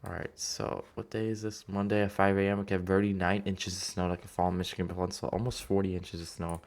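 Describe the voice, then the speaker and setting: A man's voice: deep voice, little pitch movement, fast. A man casually talking through weather forecast maps, rambling with many fillers and restarts. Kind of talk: casual weather map walkthrough.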